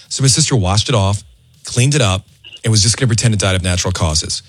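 A man hosting a radio call-in show, telling a story in an animated way and acting out the people in it. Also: on the low side, fast talker, breathy edge, no room sound, faint music behind. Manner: animated storyteller, acts out quotes. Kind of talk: casual radio chat and storytelling.

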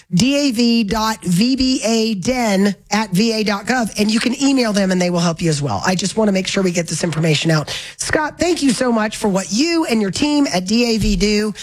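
Brisk, chatty woman radio host. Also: mid-range voice, poor audio. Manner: brisk and chatty, corrects herself on the fly. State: hiccups. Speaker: radio talk show host. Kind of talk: casual talk radio chat.

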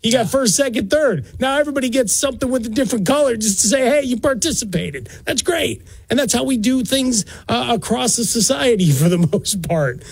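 A man with a high voice co-hosts a casual sports talk show. The sound is dry and close. He talks in a wry, musing, chatty way. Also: brisk, creaky, few pauses, breathy edge, no room sound.

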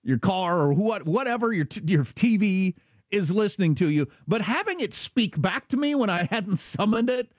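Lively high-voiced man telling a story. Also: husky, no room sound, clean studio sound. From Kansas, USA. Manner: animated storyteller, quick asides. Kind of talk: casual chat.

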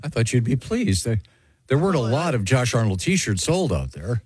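A man hosting a radio talk show, reading listener letters with a deadpan, teasing, wordy manner. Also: mid-range voice, normal speed, breathy edge, dry recording. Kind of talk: casual on-air banter.

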